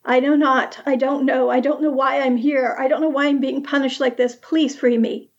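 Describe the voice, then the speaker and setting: A woman's voice: high-pitched, fairly even intonation, normal speed, muffled recording. A woman voicing an emaciated, shivering man in a cage who begs frantically to be freed. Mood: desperate. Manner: begging, frantic. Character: emaciated shivering caged man, desperate, pleading.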